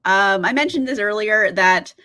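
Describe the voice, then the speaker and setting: A woman's voice: medium pitch, moderate pace, sharp tone. A young woman hosting a livestream in casual chat, bubbly and giggly, greeting viewers by name. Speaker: livestream host.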